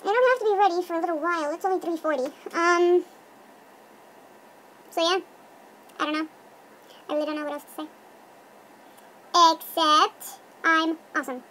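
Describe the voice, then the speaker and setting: Squeaky chipmunk-filtered young woman vlogging. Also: moderate pace, long pauses, fairly bright tone, slight background noise. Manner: giddy, goofy, self-mocking rambling. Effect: chipmunk pitch-up voice filter. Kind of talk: casual rambling vlog. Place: her bedroom.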